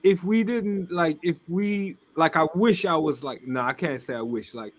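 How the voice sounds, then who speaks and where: Exasperated casual podcast co-host. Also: male voice, fairly high pitch, moderate pace. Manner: heavy use of "like", exasperated. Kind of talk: casual chat.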